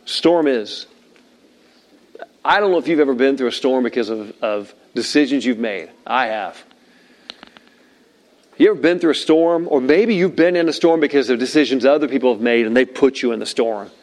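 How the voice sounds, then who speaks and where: A man's voice: mid-range voice, animated, normal speed, darkish tone. A male pastor preaching a sermon, emphatic and playful, with joking asides and repeated phrases.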